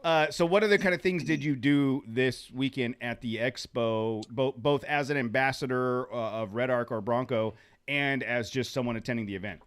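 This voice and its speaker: A man's voice: medium pitch, normal speed, clean tone. A man hosting a podcast in casual chat, telling stories with a joking tone. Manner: storytelling, joking. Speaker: podcast host.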